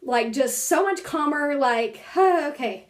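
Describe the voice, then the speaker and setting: Young woman vlogging, high voice, lots of "like" and "you know", laughs a lot. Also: measured pace. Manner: animated, laughs often while recounting; many fillers like "like" and "you know". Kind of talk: casual storytelling to camera.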